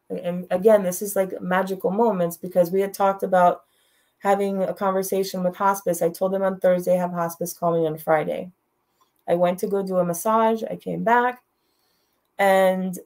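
A woman's voice: on the low side, dark tone. A woman guest in an interview, telling a personal story in a frank, blunt way and laughing through the hard parts.

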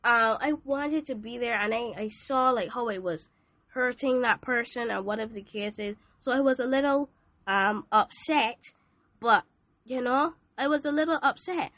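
A woman's voice: on the high side, moderate pace, a bit bright, no echo. A woman hosting a podcast, giving an emphatic, preachy devotional talk with joking asides. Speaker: podcast host.

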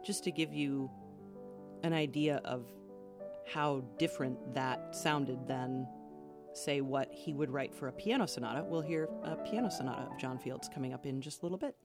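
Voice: mid-range voice, moderate pace. A host of a classical music show who chats and explains pieces in plain terms. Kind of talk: casual chat and show hosting.

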